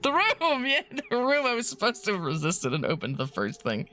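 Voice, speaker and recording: A woman's voice: mid-range voice, huge pitch swings, brisk, hardly any pauses, fairly bright tone, faint music behind. A woman streaming a game, reading its eerie text aloud and chatting casually, laughing often and swearing now and then.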